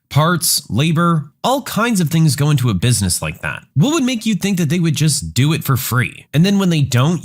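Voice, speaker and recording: A man narrating online stories and adding wry, opinionated commentary. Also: mid-range voice. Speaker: story narrator.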